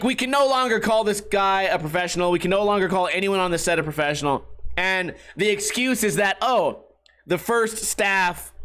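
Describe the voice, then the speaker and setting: A man hosting a comedy podcast, telling stories in a rambling, profane, casual monologue. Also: high voice. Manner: profane, rambling, animated storytelling. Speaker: podcast host.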